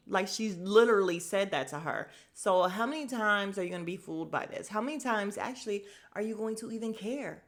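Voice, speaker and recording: A woman's voice: mid-range voice, normal speed, few pauses. Sassy woman recapping reality TV. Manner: animated, sassy, mocks people's quotes in put-on voices. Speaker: podcast host. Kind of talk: casual TV recap commentary.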